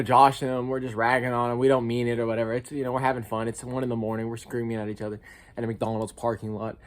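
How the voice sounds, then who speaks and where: A young American man tells funny stories from college in a laid-back vlog. He swings between loud, squeaky outbursts and low, mumbled asides.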